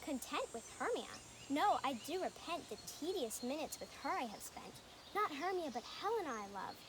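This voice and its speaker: A woman's voice: high voice, very animated, normal speed, noisy background. A young woman playing an ardent young male lover, reciting verse steadily and earnestly at an outdoor youth stage performance.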